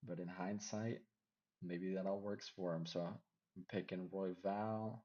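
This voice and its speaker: A man giving casual MMA fight predictions, rambling and second-guessing himself out loud. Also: sits low, fairly even intonation, unhurried, lo-fi sound. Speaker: MMA fight picks vlogger.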